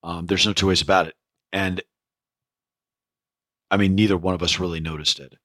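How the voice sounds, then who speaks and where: A man hosting a podcast, speaking with a hoarse, ragged voice in a rambling way, full of fillers and restarts. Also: deep voice, steady tone, normal speed, fairly bright tone, no echo. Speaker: podcast host. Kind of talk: spoken podcast intro.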